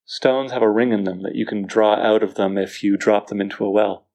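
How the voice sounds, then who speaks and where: A man teaching a poetry class, enthusiastic, asking students questions and reading verse aloud slowly. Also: fairly low pitch, fairly even intonation, darkish tone. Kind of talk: classroom lecture.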